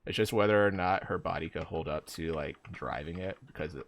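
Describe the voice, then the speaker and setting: A young man talks to his viewers while he plays, in a fairly low voice. He rambles loosely and leans on fillers as he answers chat. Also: a little fast. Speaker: streamer. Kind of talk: casual live-stream chat while gaming.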